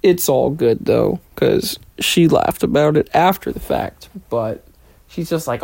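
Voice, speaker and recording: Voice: medium pitch, slow pace, gravelly, pauses often, darkish tone. Rambling, jokey young adult podcast host. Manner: rambling and jokey, acts out quoted lines in silly voices. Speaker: podcast host, trainee pilot. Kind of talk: casual solo podcast monologue.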